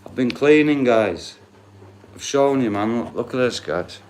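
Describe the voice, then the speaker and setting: A livestreamer in his late forties from Yorkshire, England, chats casually with his viewers in a thick Yorkshire accent, swearing freely and talking straight to the chat. His mid-range voice is animated and a little mellow, delivered at a measured pace. A faint hiss or hum sits under the recording.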